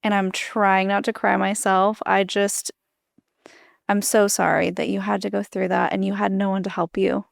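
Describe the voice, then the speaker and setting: A woman's voice: medium pitch, level tone, normal speed, vocal fry, no echo, studio quality. A woman hosting a podcast, speaking earnestly and emphatically as she validates her guest. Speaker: podcast host. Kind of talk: empathetic interview talk.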